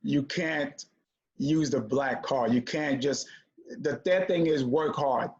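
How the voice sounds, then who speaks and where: A man telling a childhood story in a conversation, animated as he acts out the voices of the people in it. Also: mid-range voice, slow. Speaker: comedian guest. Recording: dull lo-fi audio.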